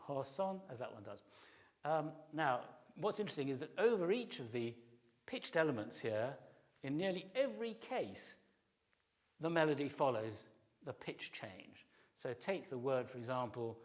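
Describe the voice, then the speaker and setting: Man giving an explanatory music lecture. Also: medium pitch. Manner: explanatory, sings short snatches of melody to illustrate. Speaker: classics professor giving a pre-concert talk. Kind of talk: public lecture.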